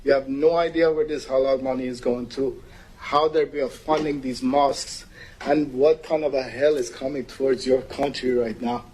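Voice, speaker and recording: A man's voice: medium pitch, fairly even intonation, normal speed, a little mellow, slight background noise, rough recording. A man from Iran giving impassioned public testimony at a meeting podium, urgent and pleading. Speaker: public commenter.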